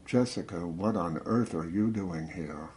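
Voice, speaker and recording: A man reading a novel aloud, voicing a suave middle-aged man with a rich, deep voice who quotes verse. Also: measured pace, darkish tone. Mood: gentle.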